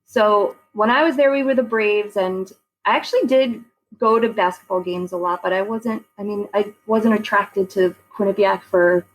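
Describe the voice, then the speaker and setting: A woman's voice: mid-range voice, normal speed, rough recording. Chatty woman guest, laughs easily. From Long Island, New York. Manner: chatty, laughs easily, many "you know" fillers. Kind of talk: casual interview chat.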